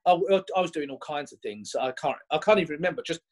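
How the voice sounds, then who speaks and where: A man, a magician guest telling stories in an animated, chatty way with many restarts. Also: fairly high pitch, fast, poor audio. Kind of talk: conversational interview storytelling.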